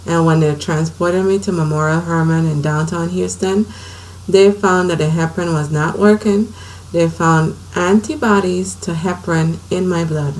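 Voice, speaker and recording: A woman's voice: fairly low pitch, steady tone, normal speed, rough recording. A woman in her thirties telling her own life story to the camera in an earnest, conversational way. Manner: earnest, conversational, drifts softer at times.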